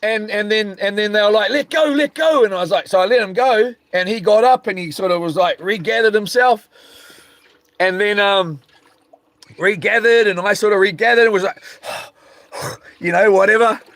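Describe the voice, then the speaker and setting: A man's voice: high voice, normal speed, pauses often, no room sound. A middle-aged man, telling a rambling story in a casual vlog and acting out the voices and sound effects. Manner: rambling, animated, acts out quotes and sound effects. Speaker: vlogger.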